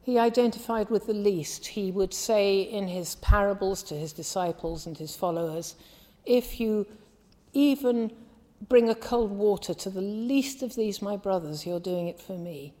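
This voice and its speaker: A woman from the English Midlands preaching a sermon in a measured, earnest way, often trailing off softly at the ends of phrases. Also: mid-range voice. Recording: long hall reverb.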